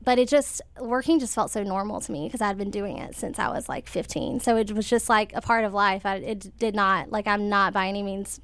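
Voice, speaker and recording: A woman's voice: mid-range voice, fairly quick, few pauses, fairly bright tone, no echo. A young woman, telling a personal story in casual conversation, full of fillers and little laughs. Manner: chatty, many fillers, laughs while telling.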